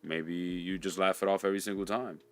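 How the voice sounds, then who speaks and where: A man's voice: low voice, level tone, a bit bright. A man co-hosting a reflective conversation, speaking thoughtfully with frequent restarts. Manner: thoughtful, halting, many restarts. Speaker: co-host.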